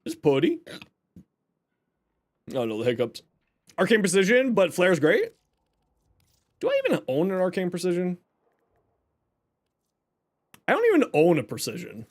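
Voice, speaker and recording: A man's voice: sits high, huge pitch swings, moderate pace, pauses often. A young man streaming a game, chatting casually with viewers, joking and explaining his build. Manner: chatty, jokey, reads chat aloud and explains builds. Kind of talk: casual live stream chat.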